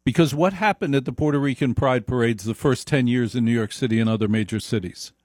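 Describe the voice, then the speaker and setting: A man's voice: mid-range voice, fast, darkish tone, dry recording, clean studio sound. A man giving an opinionated storytelling monologue, emphatic and repeating points for stress. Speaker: speaker.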